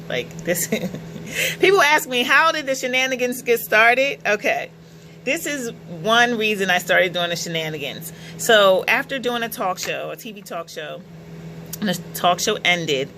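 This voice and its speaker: A middle-aged woman tells personal stories straight to camera in a chatty, animated way, laughing as she goes. Her voice is bright and forward. Faint noise sits under the recording. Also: fairly low pitch, poor audio. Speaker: vlogger. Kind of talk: casual storytelling vlog.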